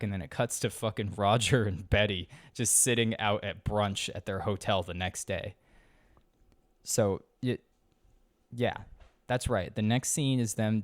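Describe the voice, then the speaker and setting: Male podcast host, low-pitched, dry close sound, swears casually and rambles through a sarcastic movie recap. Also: no echo.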